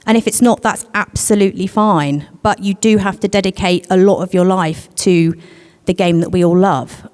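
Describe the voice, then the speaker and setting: A woman panellist candidly telling a personal story at a conference, hesitant, with many pauses. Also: fairly low pitch, steady tone, darkish tone. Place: conference hall. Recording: long hall reverb.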